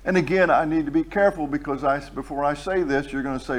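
A man preaching a sermon to his congregation, moving from quiet, conversational asides to slow, loud, emphatic declarations. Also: on the high side.

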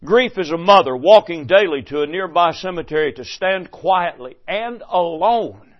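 Older preacher, lo-fi sermon recording. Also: male voice, a little high. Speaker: pastor. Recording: dull lo-fi recording.

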